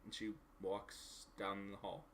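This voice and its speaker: A man's voice: on the low side, monotone, slow, heavy background noise. A man narrating as game master of a live-streamed tabletop game, in a loose, chatty way full of "sort of" and "like". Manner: loose, conversational, lots of "sort of" and "like".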